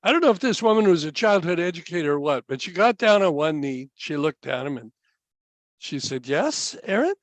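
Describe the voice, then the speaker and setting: Older male storyteller at a webinar, high-pitched, unhurried and halting, chuckles now and then. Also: expressive, no room sound, poor audio. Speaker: speaker telling stories.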